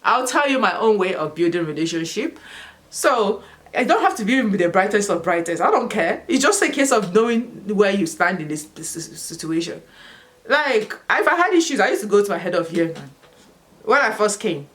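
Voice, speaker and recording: A woman's voice: medium pitch, normal speed. A woman from Africa giving casual school advice as a vlogger, telling stories with frequent bursts of laughter, outdoors in the sun. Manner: animated storytelling with frequent laughter. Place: outdoors in sunlight.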